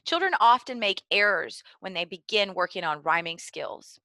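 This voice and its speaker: A woman giving clear, deliberately enunciated instructional narration for preschool teachers. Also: medium pitch, lively intonation, pushed and bright, no room sound. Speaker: early literacy trainer.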